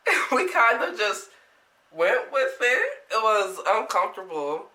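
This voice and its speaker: A young woman vlogger telling a story in casual chat, animated, laughing often and swearing freely. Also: on the high side, slow, reverberant, poor audio.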